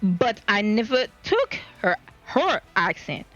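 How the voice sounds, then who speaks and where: With a mid-range voice that swings widely in pitch, she speaks slowly in a fairly bright tone, faint music behind her. This French Caribbean streamer has a Creole accent and keeps her casual chat rambling and self-deprecating, restarting many times, in dull lo-fi audio.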